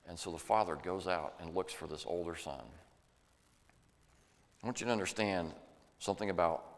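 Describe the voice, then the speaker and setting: A man preaching a sermon in an earnest, folksy way, sometimes acting out the voices he quotes. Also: low voice. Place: church sanctuary. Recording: long church reverb.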